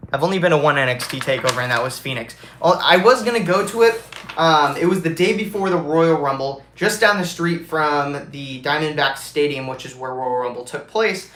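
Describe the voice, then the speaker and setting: A young man vlogging as a wrestling fan, rambling and excitable with lots of fillers, a bit congested from allergies. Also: fairly high pitch, roomy sound. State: congested, with allergies and swollen mouth. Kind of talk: casual fan vlog.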